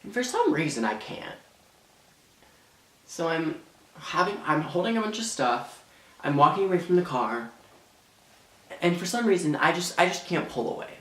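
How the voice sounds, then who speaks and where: A man's voice: fairly high pitch, big pitch swings, normal speed, pauses often, pushed and bright. Rambling teen boy telling a story. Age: teens. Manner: dramatic, rambling, many fillers. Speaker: vlogger. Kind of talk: storytime vlog. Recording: echoey room.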